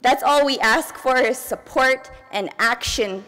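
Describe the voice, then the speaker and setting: A woman with a high voice speaks steadily and earnestly, advocating for her family before an assembly. The large hall adds a long reverb tail. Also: unhurried, fairly bright tone, soft background music. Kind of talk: prepared public speech.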